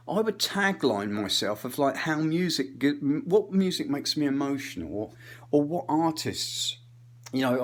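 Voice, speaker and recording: A man doing a rambling comic rant, swearing casually, losing his thread and drifting between muttered asides and louder bursts. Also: medium pitch. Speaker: channel host.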